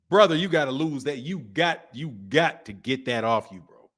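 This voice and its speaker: Animated man in his fifties, slangy boxing host. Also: a little high, measured pace. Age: 50s. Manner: loose, slangy and animated, laughing often. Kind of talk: casual live-stream chat.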